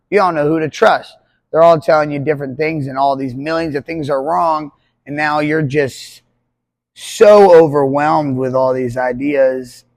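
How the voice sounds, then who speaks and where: A man's voice: medium pitch, dry recording. A man in his twenties, a pole vault coach, talking casually and rambling on a podcast. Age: 20s. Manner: rambling, conversational, jokey.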